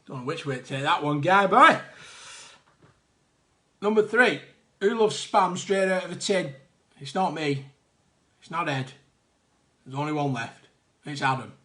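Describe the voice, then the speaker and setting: A man's voice: medium pitch, bright, forceful tone. A man hosting a live online quiz, reading out answers with jokey, chatty asides. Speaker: quiz host.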